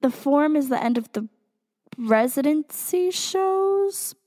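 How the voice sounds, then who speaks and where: A young woman co-hosting a casual fan podcast, excitable and quick to swear, with dramatic groans. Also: sits high, big-room sound. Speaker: podcast co-host.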